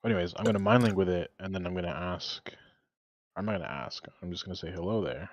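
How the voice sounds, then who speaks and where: A man's voice: low-pitched, quick pace, highs cut off, slight background noise. A man playing a tabletop game, talking casually and a bit hesitantly. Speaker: player.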